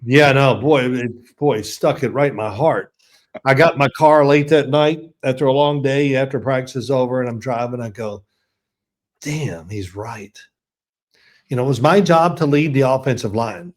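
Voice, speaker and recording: An older man, a guest on an interview show, telling animated stories and laughing as he goes. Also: mid-range voice, brisk. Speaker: guest, former quarterback. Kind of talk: storytelling in an interview.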